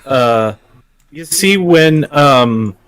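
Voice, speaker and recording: A man's voice: mid-range voice, lively intonation, very slow, fairly bright tone, clean tone, poor audio. A man playing a tabletop game, speaking hesitantly with many fillers. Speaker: player.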